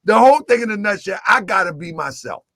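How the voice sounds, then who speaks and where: A man telling a long, jokey story in lively chat, acting out the voices he quotes. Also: high-pitched, quick pace.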